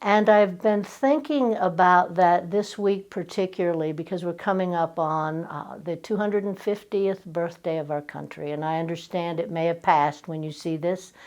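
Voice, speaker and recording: A woman's voice: fairly low pitch, darkish tone. A woman from Virginia with a slight Southern accent, giving a conversational sermon talk and telling personal stories. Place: church.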